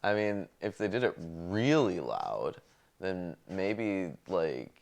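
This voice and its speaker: A man's voice: low-pitched, expressive, slow, gravelly. A man co-hosting a casual discussion show, chiming in with dry, joking commentary. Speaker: podcast co-host. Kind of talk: casual chat.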